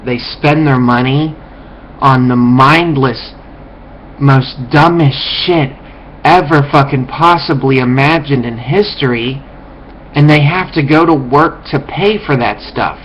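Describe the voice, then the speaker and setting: Man, vlogger, ranting monologue, profane, contemptuous, lecturing, average pitch, faint hiss. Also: slow, muffled recording.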